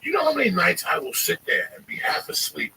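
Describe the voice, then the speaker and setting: A man in his fifties from New Jersey, telling profane stories in an animated, emphatic way. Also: high voice, brisk, creaky, whispered, far from the mic, low-quality recording. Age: 50s. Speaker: comedian guest. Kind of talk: casual storytelling.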